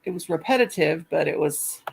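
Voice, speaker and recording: A woman's voice: sits low, expressive, fairly quick, creaky, a little mellow, a little hiss or hum, low-quality recording. An older woman hosting a livestream, talking in a chatty, affectionate and scattered way. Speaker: livestream host. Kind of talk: casual chat.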